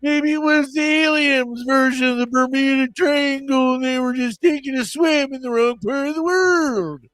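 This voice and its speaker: Brief: man hamming up a mock-Canadian storyteller, high and bright, exaggerated folksy delivery. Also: normal speed, dry recording, faint music behind. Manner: playful, over-the-top storytelling.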